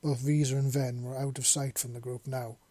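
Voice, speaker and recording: Brief: male storyteller, dark husky voice, dry close sound. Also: mid-range voice, brisk, no room sound. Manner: plain steady reading with small slips. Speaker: narrator. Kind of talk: reading fan fiction aloud.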